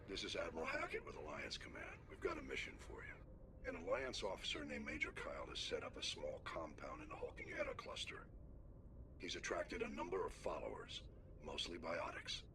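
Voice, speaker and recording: An actor playing a stern veteran male admiral giving a measured, gruff military briefing in a video game. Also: low voice. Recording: game audio with noisy background.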